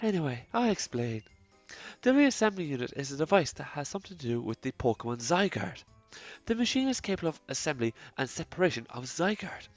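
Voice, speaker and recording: A man's voice: a little high, sing-song, no echo, faint music behind. A man putting on a clumsy mock French accent. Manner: halting, quiet read-aloud with stumbles. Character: French-accented game researchers, man and woman.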